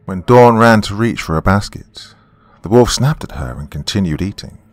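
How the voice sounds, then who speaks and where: A man narrating a scripted horror story in a measured, dramatic way as podcast host. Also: fairly low pitch, animated, dry recording.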